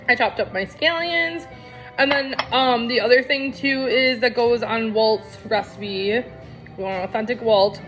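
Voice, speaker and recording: A woman's voice: on the high side, a bit bright. A middle-aged woman chatting casually to viewers while cooking in her home kitchen. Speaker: cooking vlogger.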